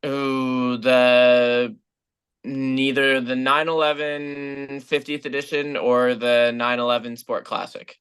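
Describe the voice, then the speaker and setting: A man being interviewed as a guest over a video call, answering in a relaxed way with many hesitations and easy laughs. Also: mid-range voice, slow, clean tone. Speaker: guest musician.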